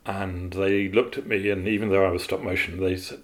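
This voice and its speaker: A man's voice: deep voice, flat delivery, normal speed, hardly any pauses. A man, an animator, telling long stories about his work in an interview, with many fillers and restarts. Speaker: animator guest. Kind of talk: interview storytelling.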